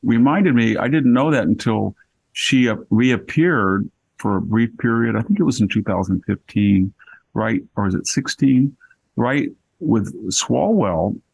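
A man's voice: mid-range voice, animated, a little slow, vocal fry, darkish tone, slightly rough. An older man, a guest in a casual conversation, telling a rambling, wry anecdote.

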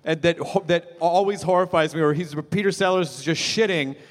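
A man hosts a live podcast, asking his guest questions and laughing easily. His voice sits high. The theater adds a long reverb. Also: a little fast. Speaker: host.

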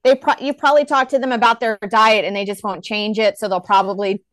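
A woman's voice: mid-range voice, steady tone, fast, a bit bright, no echo. A woman guesting on a comedy podcast, chatting casually, riffing along and laughing often. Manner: laughs often, agrees and riffs.

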